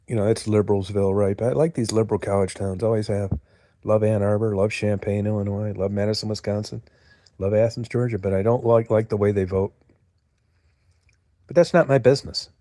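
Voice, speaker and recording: Older livestream host from the US, low mellow voice, gruff and profane, chatty monologue. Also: male voice, no echo, clean studio sound. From United States. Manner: profane, gruff, talks to chat viewers. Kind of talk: casual rambling monologue.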